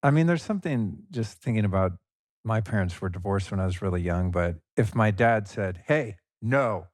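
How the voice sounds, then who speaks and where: A man with a fairly low voice hosting a podcast. He asks his questions in a relaxed, thoughtful way. The sound is dry and close. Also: a little fast, dry recording. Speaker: podcast host. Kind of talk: casual interview.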